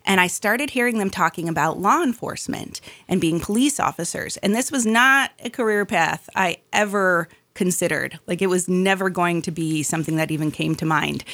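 A middle-aged woman telling her life story in a relaxed conversation, acting out the voices of the people she quotes. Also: lowish voice, moderate pace, hardly any pauses. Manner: animated, acts out quoted voices.

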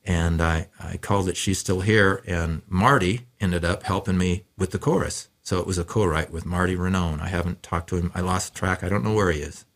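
A man's voice: deep voice, fairly even intonation, a little fast, few pauses, fairly bright tone. A male musician guest in a radio studio, telling rambling, easygoing stories with lots of fillers in a casual interview.

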